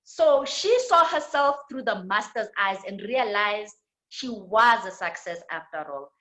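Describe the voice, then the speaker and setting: A woman's voice: medium pitch, expressive, unhurried, sharp tone, rough recording. A woman with a South African accent teaching a church women's leadership class, often repeating words and asking "right?". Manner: tag questions, repetitions. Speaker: women's ministry trainer.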